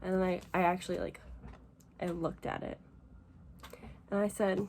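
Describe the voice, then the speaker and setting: A young woman from the United States, a book vlogger chatting casually and gushing emotionally, rambling fast with lots of fillers while teary. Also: on the low side, level tone, darkish tone, slight background noise. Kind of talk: casual vlog chat.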